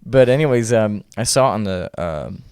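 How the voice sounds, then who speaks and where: A man's voice: on the low side, lively intonation, moderate pace, darkish tone, smooth, no echo. A young man from Indiana, a guest musician, telling a story in a casual, laid-back way with many fillers. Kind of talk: casual interview chat.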